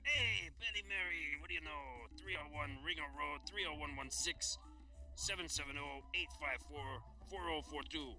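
A man's voice: on the high side, moderate pace, sharp tone, soft background music, poor audio. A man putting on a haggling alien junk dealer voice. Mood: wheedling. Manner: reading phone book entries in a put-on accent.

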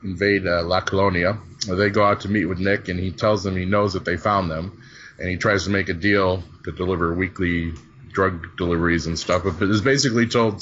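Retelling the plot on a casual podcast recap, this host jokes, curses, and laughs a lot. He has a deep voice with fairly even intonation, speaking briskly with a fairly bright tone over dull, lo-fi audio carrying a faint hiss.

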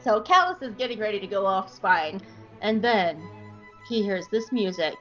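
A woman's voice: mid-range voice, lively intonation, normal speed, a bit bright. Irreverent woman recapping a show. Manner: irreverent and swearing, acting out quotes. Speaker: podcast host. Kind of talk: casual comedic episode recap. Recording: dull lo-fi, faint music behind.

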